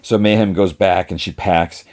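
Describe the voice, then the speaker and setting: Low-voiced male podcast host, rambling casual recap style. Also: steady tone, normal speed, a little mellow. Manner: rambling, many fillers and restarts.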